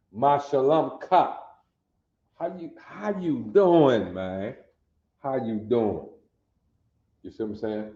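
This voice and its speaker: A man with a Detroit accent teaching a Hebrew phrase class, talking slowly with slangy repetition and checking that his students follow. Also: mid-range voice, mellow. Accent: Detroit African American Vernacular English. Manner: slow, repetitive, street-slang teaching with call-and-response questions. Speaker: language teacher. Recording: echoey room, dull lo-fi sound.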